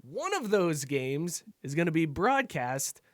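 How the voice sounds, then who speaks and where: A man's voice: fairly high pitch, sing-song, takes it slowly, no echo, studio quality. A man hosting a casual podcast chat over a video call, joking and laughing often at his own lines. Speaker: podcast host.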